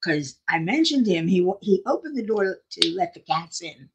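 A woman's voice: on the low side, very animated, moderate pace, breathy edge. An older woman hosting a casual craft livestream, chatting in a rambling, self-deprecating way and laughing often. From South Florida.

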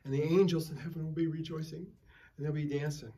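A man's voice: a little high, flat delivery, quick pace, mellow. An older man preaching at a Bible study, a folksy pastor who tells stories and calls for amens from the group. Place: church.

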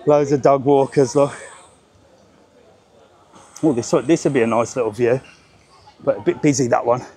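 A man's voice: mid-range voice, fairly even intonation, moderate pace, pauses often, mellow, husky. A man doing a chatty, upbeat live-stream vlog while walking outdoors along a busy seaside promenade, talking into a handheld phone. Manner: chatty and upbeat, chats with passers-by. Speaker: travel vlogger.

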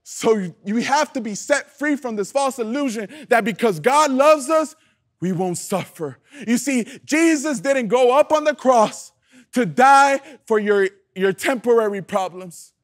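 A male youth pastor preaches with fervent call-and-response energy. His voice is unusually high for a man and swings between loud emphasis and quiet, hushed lows. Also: expressive, measured pace. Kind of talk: sermon.

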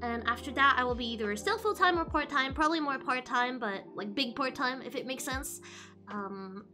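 A woman's voice: high-pitched, moderate pace. A woman streaming live, chatting casually with her viewers in a giggly, playful way, rambling with many restarts. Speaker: VTuber streamer. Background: faint background music.

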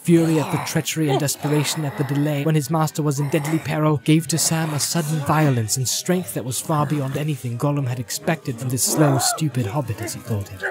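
A man reading a fantasy story aloud in a measured, dramatic narration style. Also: a little high, fairly even intonation. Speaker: audiobook narrator. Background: music.

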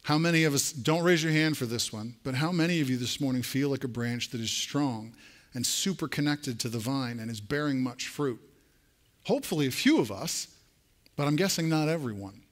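A man preaching a sermon in church, speaking earnestly and directly to his congregation. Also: a little fast. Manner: rising to an emphatic pitch near the end. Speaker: pastor.

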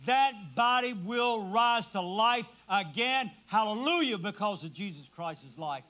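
High, bright-voiced preaching man. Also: expressive, measured pace, rough recording. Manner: preaching with dramatic swings from loud to hushed. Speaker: pastor. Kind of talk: sermon. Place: church sanctuary.

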